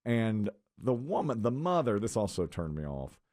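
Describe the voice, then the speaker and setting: A man's voice: fairly low pitch, normal speed, dry recording, clean studio sound. A man, hosting a morning show and telling rambling stories in casual chat. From North Carolina. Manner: animated, rambling storyteller. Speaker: radio show host. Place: radio studio.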